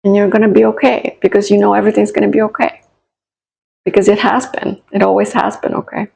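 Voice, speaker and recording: Gravelly-voiced woman giving a gentle reading. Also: mid-range voice, little pitch movement, quick pace, poor audio. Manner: soothing, encouraging, repeats phrases; direct address to viewers. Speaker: psychic and spiritual coach. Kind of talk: casual channeled reading to camera.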